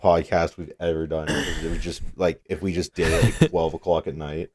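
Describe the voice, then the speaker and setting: A man's voice: a bass voice, little pitch movement, moderate pace, a little mellow, slightly rough, no room sound, studio quality. A man co-hosting a podcast in casual chat, talking bluntly and swearing casually. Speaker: podcast co-host.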